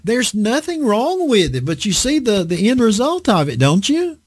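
A male preacher delivers a conversational sermon in an animated way and keeps asking his listeners rhetorical questions. His voice sits a little high and swings widely in pitch. The sound is dry and close. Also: moderate pace, no room sound. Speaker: preacher teaching a Bible lesson.

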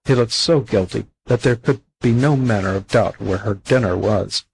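Husky man reading a fable. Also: fairly low pitch, normal speed, low-quality recording. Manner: plain, steady reading of a fable. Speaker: volunteer audiobook reader. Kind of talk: storybook narration.

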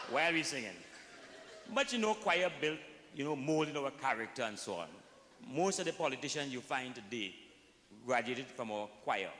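Bright Trinidadian man telling comic tales. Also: medium pitch, expressive, fairly quick, slight background noise. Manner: folksy, drops into sung snatches for effect. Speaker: comic storyteller. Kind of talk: comic storytelling to a live audience. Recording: echoey hall recording.

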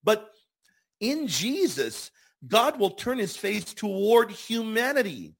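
Earnest husky-voiced male show host. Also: high voice, very animated, slow pace. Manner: earnest, emphatic preaching with repeated words. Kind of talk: Catholic teaching talk show.

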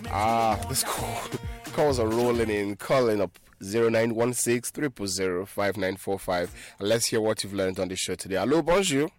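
A man's voice: on the low side, moderate pace, faint music behind. A man hosting a call-in radio lesson, patiently coaching callers to repeat phrases and laughing easily. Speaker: radio host teaching French.

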